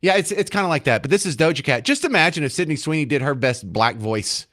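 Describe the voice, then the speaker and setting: A man's voice: a little high, expressive, quick pace, a bit bright, no room sound, clean studio sound. A man hosting a talk radio show, giving opinionated commentary with sarcasm and mocking rhetorical questions.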